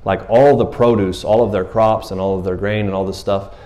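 Low-voiced man preaching casually. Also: fairly even intonation, brisk, warm tone. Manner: casual and joking, acts out Bible figures in raised voices. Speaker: pastor. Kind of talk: sermon. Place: church.

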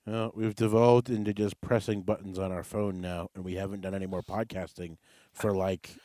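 A man's voice: deep voice, little pitch movement, normal speed, warm tone, dry recording. A man hosting a podcast in casual chat, rambling and offhand with jokes. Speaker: podcast host.

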